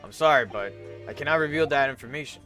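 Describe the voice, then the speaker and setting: A man's voice: mid-range voice, fast, bright, forceful tone, faint music behind, close to an everyday voice. A man voicing a guarded, evasive middle-aged prison governor in an attempted Scottish accent, reading game lines aloud and tripping over words.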